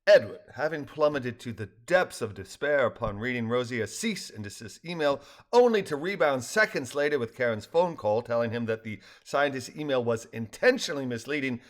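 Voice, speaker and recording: An older man reading his own story aloud with lively, expressive narration. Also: mid-range voice, moderate pace.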